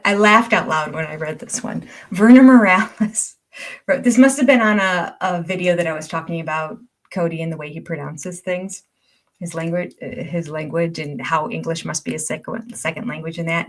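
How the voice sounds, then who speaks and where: Older woman laughing through viewer comments. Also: fairly low pitch. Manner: laughs often while reading comments aloud; chatty, warm-hearted and easily amused. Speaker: host reading viewer comments. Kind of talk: casual livestream chat.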